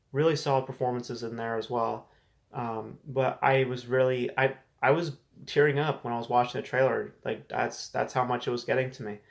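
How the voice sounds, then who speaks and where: Man, movie news host, casual chat, restarts words, candid opinions, mid-pitched voice. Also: creaky. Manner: conversational, repeats and restarts words, frank opinions. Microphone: desk camera setup.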